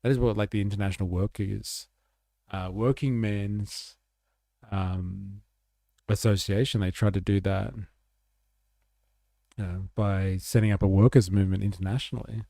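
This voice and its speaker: A man's voice: on the low side, steady tone, moderate pace, vocal fry, long pauses, warm tone, no echo. A man hosting a livestream, rambling through casual political commentary with sarcastic asides. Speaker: livestream host.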